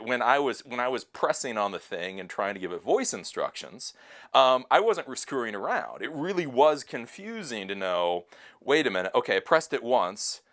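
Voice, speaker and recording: A man in his late thirties with a fairly low voice that swings widely up and down as he talks. He gives casual, chatty advice to his viewers and often slips into mocking impressions of other people. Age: 30s. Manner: animated, mimics other people in high put-on voices. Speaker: host.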